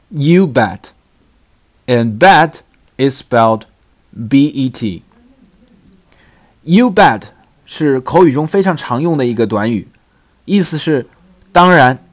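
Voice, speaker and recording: A man hosting a short bilingual language lesson, explaining a phrase clearly and deliberately. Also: medium pitch. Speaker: English teacher and host.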